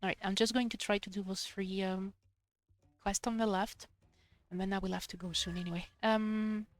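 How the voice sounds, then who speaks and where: Excitable woman streaming a shooter game. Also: medium pitch, moderate pace. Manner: chatty, excitable, talks to herself while playing. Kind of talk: live gameplay commentary.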